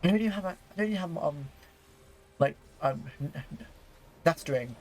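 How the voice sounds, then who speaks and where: Playing a game on stream, a young man with a somewhat high voice comments briskly and casually as faint music plays behind him. His excitable rambling is full of fillers and restarts.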